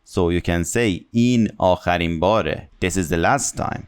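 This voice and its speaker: Slow-explaining male teacher. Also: low-pitched, smooth. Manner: reads Persian examples quickly, then explains slowly in English. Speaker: Persian language teacher. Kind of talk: language lesson, explaining example sentences.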